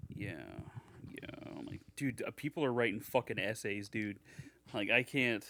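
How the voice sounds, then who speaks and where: A man's voice: fairly low pitch, moderate pace, noisy background. A man co-hosting a casual podcast, reading reviews aloud in a sarcastic, mocking way. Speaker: podcast co-host.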